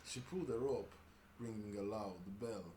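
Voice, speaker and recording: A man's voice: on the low side, moderate pace, mellow. A man reading a crude story aloud for comedy, laughing and breaking off with asides. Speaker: reader. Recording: roomy room with faint hiss.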